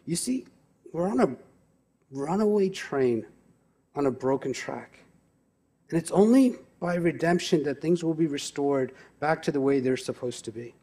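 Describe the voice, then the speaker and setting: A man delivers a church sermon as pastor, driving his points home with a run of emphatic rhetorical questions. His voice sits fairly high for a man, yet its tone is mellow and warm. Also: breathy edge.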